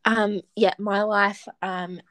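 A woman's voice: medium pitch, level tone, slow, fairly bright tone, no echo. A young woman, co-hosting a podcast in casual chat, laid-back and reassuring, laughing often. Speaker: podcast co-host. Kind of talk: casual chat between friends.

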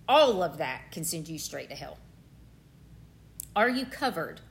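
A woman's voice: medium pitch, fairly bright tone. A middle-aged woman preaching a passionate sermon, fervent and emotional, repeating phrases for emphasis.

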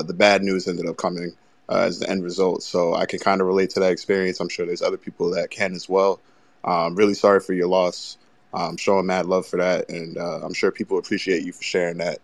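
A man co-hosting a sports talk show, speaking in an easygoing way with frequent pauses. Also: sits low, vocal fry, no echo. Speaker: co-host. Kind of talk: casual sports chat.

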